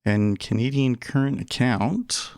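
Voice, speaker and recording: Man, trading stream host, casual thinking-aloud chatter, quick laughs, dry close mic. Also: medium pitch, a little mellow, no echo. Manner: chatty, thinks aloud while working his trading screen; laughs easily, loose and joking. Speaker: day trading livestream host. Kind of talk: casual live-stream commentary.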